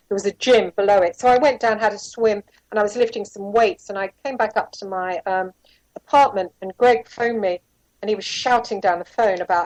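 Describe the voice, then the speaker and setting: In a poor-quality recording with no echo, a woman with a medium-pitched voice is interviewed. She's a former private investigator, candidly telling a rambling personal story full of asides and quoted dialogue.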